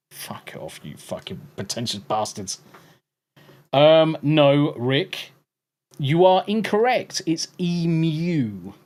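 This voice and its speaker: An English man hosting a podcast, bantering with viewers and swearing freely. His pitch jumps around with lively energy as he jokes. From England. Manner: profane, jokey banter. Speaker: podcast host. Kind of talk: casual chat with live viewers.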